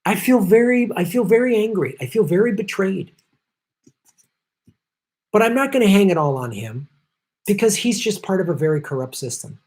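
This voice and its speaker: This political commentary host, a middle-aged man, rants angrily and profanely, repeating his points with heavy emphasis. He speaks in a high, expressive, darkish voice at a moderate pace, pausing often.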